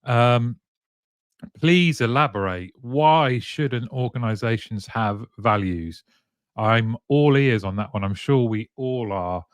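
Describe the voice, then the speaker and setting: A man's voice: medium pitch, slow, no echo, studio quality. A man hosting a live stream, chatting casually and greeting viewers one by one by name, with plenty of ums. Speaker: live show host.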